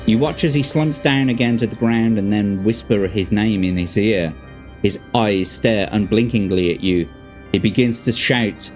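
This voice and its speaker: A man's voice: on the low side, moderate pace, darkish tone, soft background music. A man from Birmingham with a Birmingham accent hosts a stream, reading a fantasy gamebook aloud and breaking off for casual asides and corrections. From Birmingham, England. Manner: casual, stops to chat and correct himself.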